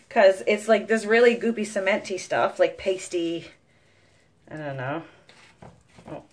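A young woman with a strong Newfoundland accent rambles through a casual vlog, swearing freely and laughing between stories. Her voice sits at an ordinary middle pitch for a woman. The talk is loose and chatty, like a mother catching friends up on her day. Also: slow, long pauses. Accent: Newfoundland English. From Newfoundland, Canada. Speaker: vlogger, mother.

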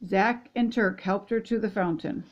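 An older woman, a grandmother reading a children's picture book aloud in gentle, steady storytelling. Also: medium pitch, measured pace, dull audio. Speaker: storybook reader.

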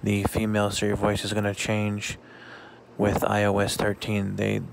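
A man talking casually in a vlog, halting often with fillers and restarts. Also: lowish voice, monotone, vocal fry, background noise. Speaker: vlogger.

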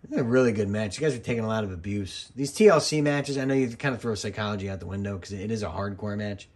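Husky low-voiced man commentating. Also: fast talker, a little mellow. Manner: rambling, jokey, drifts into side stories. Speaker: former wrestling referee commentating. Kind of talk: casual commentary over old match footage.

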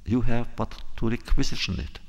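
A man's voice: medium pitch, fairly even intonation, a little mellow, lightly acted. A man voicing a cautious royal counselor. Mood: reasoning. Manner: measured, reasoning.

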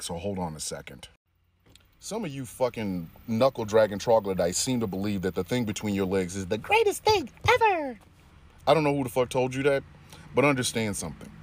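A man delivering a heated commentary rant, swearing heavily and pushing his voice up into loud peaks. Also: low-pitched. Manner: heated, heavy swearing, rising into shouty peaks. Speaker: commentator reacting to clips. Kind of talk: profane rant.

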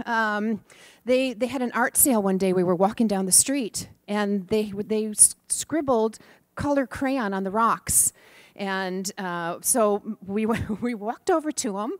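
Middle-aged woman, lively sermon storyteller, dry close mic. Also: mid-range voice, no echo. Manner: animated storyteller, acts out voices, laughs often. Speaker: student minister giving a talk.

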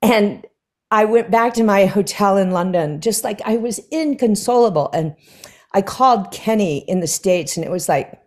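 Lively woman singer telling stories. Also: medium pitch, normal speed. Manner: animated storyteller who acts out quoted dialogue with laughs. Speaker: guest singer. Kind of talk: conversational anecdote telling. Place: stage conversation before an audience.

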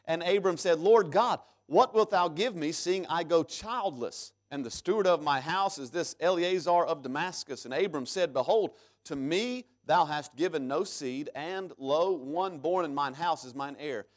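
A man preaching a sermon in church, reading scripture aloud and swinging between loud emphatic peaks and sudden hushed drops. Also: fairly high pitch, moderate pace, hardly any pauses. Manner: reads scripture aloud in King James English. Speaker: pastor.

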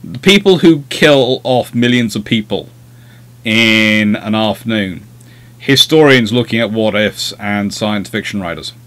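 A man's voice: on the low side, animated, measured pace, fairly bright tone. A man hosting a livestream, chatting casually and telling rambling, self-deprecating anecdotes. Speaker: host of a naval history livestream.

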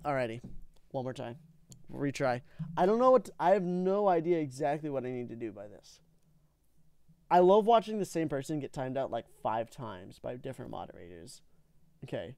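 A young man hosting a let's play video, talking through his game with excitable, melodramatic outbursts of frustration. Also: mid-range voice, moderate pace, no echo. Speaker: gaming video host. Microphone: own microphone, said.

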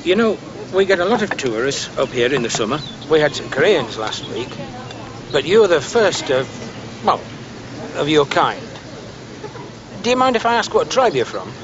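A nosy, chatty pub landlord. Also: male voice, a little high, big pitch swings, moderate pace, pauses often, muffled recording, noisy background.

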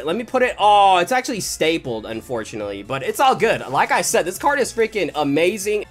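Hyped young guy, voice jumping around. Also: high-pitched. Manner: hyped, slangy, shouts and laughs in bursts. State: voice cracking. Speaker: YouTuber opening card packs. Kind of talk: excited unboxing vlog.

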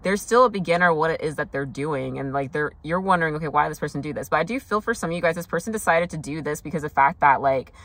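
A woman's voice: deep voice, fast talker, hardly any pauses, fairly bright tone. A young woman doing a casual tarot reading, talking loosely with lots of fillers and frank swearing. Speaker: tarot reader.

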